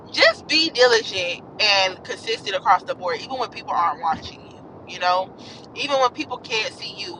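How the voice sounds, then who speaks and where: A woman's voice: medium pitch, noisy background. A woman vlogger sharing an earnest, encouraging faith message in a rambling, casual way while riding in a car. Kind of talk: casual devotional talk to viewers. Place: in a moving car.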